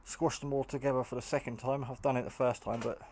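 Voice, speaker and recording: A man's voice: medium pitch, flat delivery, fast talker, a little mellow. A tired man in a casual home-build vlog, talking in a rambling, chatty way with many fillers while he works. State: tired, half asleep. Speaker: hobbyist maker. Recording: faint background noise and clicks.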